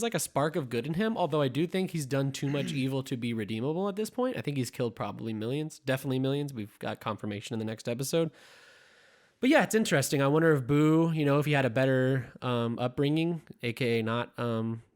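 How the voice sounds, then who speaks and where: A man co-hosting a casual podcast, retelling scenes in an animated way with quoted voices. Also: fairly high pitch, fast talker. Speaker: podcast co-host.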